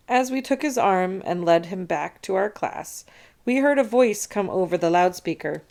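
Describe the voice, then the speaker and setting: A woman reading a children's chapter book aloud, narrating with expressive storytelling. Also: medium pitch, moderate pace, vocal fry.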